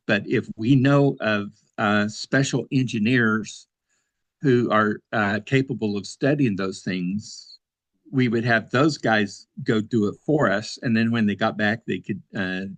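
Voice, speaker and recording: Halting retired Air Force man, low voice. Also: dry recording. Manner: halting, many fillers and restarts. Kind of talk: casual interview talk.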